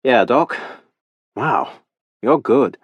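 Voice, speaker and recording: A man's voice: mid-range voice, drawn-out words, husky, no room sound, highs cut off, pitched above the performer's own voice, heavily acted. A man voicing a big, easygoing young Australian hockey goalie with an Australian accent in a storybook reading. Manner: relaxed, chatty.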